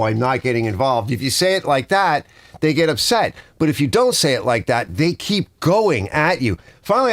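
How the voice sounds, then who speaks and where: A man's voice: mid-range voice, no echo. A man hosting a casual garage livestream, rambling through stories and mimicking other people's lines. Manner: rambling, animated storytelling with mimicked dialogue. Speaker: garage channel host. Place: home garage workshop.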